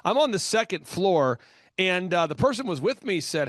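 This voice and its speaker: A man hosting a business talk show, telling stories in an energetic, emphatic way with quick bursts of speech. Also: sits high, dry recording, clean studio sound. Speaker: host.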